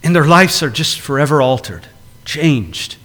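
A man's voice: fairly high pitch, expressive, a little slow, pushed and bright. A man preaching a sermon to a congregation, earnest and emphatic, driving his points home with repeated phrases. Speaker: pastor. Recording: long reverb of a large hall.

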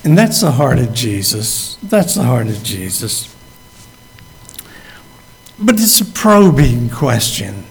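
A man's voice: medium pitch, big pitch swings, slow pace, long pauses, a little hiss or hum. A man preaching a sermon, acting out the figures in the story as he tells it. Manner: acts out the quoted speakers as he tells the story. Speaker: pastor. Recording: long hall reverb.

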